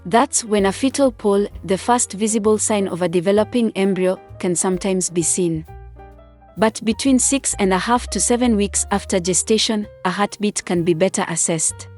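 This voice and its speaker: A woman's voice: mid-range voice, normal speed, a little mellow, soft background music. A woman hosting a channel, reading scripted commentary in a stern, lecturing way. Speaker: channel host.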